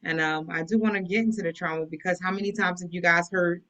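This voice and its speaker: Low-voiced woman leading a discussion. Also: steady tone, fast talker, fairly bright tone. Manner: steers the topic, reflective and explanatory. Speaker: podcast host. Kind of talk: casual podcast discussion.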